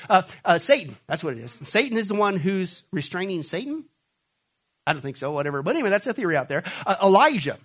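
Male pastor, high voice, sermon, fill-in questions, acts out quotes. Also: a bit bright. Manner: asks the congregation fill-in questions.

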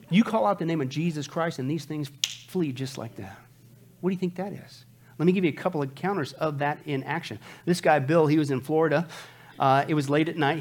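A man preaches a sermon in a high, emphatic voice. He keeps asking the congregation rhetorical questions and answers them himself.

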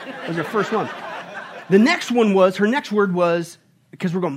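A middle-aged man preaching a sermon, conversational and animated, often tagging his points with "right?" and acting out family stories with playful voices. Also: high voice, brisk. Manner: acts out family scenes with playful put-on voices. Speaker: pastor.

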